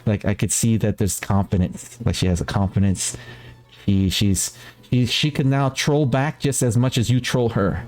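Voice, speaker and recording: A man from the Philippines hosting a casual talk stream, rambling in an animated way and laughing often. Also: lowish voice, normal speed, soft background music. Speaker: talk show host. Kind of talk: casual chat.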